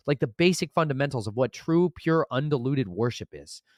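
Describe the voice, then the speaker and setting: A man telling a story fast in a casual vlog, acting out what people said and getting preachy about scripture. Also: mid-range voice, dry recording, studio quality. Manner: fast, animated storytelling with quoted dialogue. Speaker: vlogger and author.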